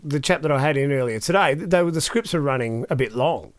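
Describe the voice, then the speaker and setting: An audio engineer chatting casually on a podcast in a studio, telling stories full of asides. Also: male voice, fairly high pitch, fairly quick, dry recording. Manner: chatty, animated storytelling with many asides. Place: recording studio.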